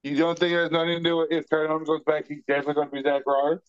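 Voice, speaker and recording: A man's voice: fairly high pitch, completely flat delivery, rapid-fire, clean tone, no room sound. A man co-hosting a casual podcast watchalong, stubborn and contrarian in debate. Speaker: podcast co-host. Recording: dull lo-fi mic.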